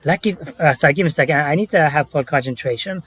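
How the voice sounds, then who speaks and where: Brief: stream host, man, slightly high voice, rambling chat, dry close sound. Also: fast, a bit bright, breathy edge, dry recording. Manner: rambling, hesitant, with many restarts. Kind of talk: casual chat on a livestream.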